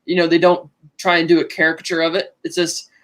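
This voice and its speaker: A man casually talking through a movie with his co-hosts, chatty and quick to laugh. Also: fairly high pitch, completely flat delivery, fairly bright tone. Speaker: podcast co-host.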